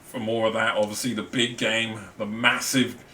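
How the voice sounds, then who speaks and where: A man's voice: lowish voice, flat delivery, moderate pace, pushed and bright. Australian man ranting from a distant mic. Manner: chatty, ranting, yawning, laughs often. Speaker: podcast co-host. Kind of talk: casual chat. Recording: distant mic with faint ambient noise.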